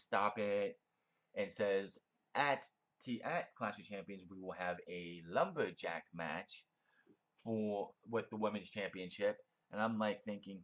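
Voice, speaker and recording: A man's voice: fairly low pitch, a bit bright. A man giving a casual, opinionated solo review, rambling with frequent restarts. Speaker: wrestling show reviewer.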